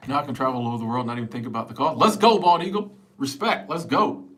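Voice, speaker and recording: A man's voice: mid-range voice, fast, a bit bright. A middle-aged man hosting a casual livestream. He reads viewer comments aloud, laughs often, and stumbles over repeated words while talking on a small clip-on mic at home. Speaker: livestream host. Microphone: small clip-on wireless mic.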